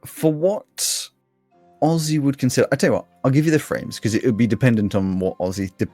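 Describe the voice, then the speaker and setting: A man's voice: mid-range voice, brisk. A man running a tabletop game as game master, narrating scenes vividly and laughing with the players. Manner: lively descriptive narration with laughter. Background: soft fantasy music.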